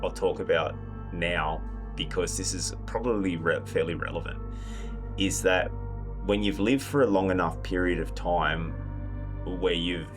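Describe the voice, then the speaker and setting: Veteran, very low voice, halting and measured, music bed clearly audible. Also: male voice, fairly even intonation. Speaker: military veteran. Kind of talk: documentary interview.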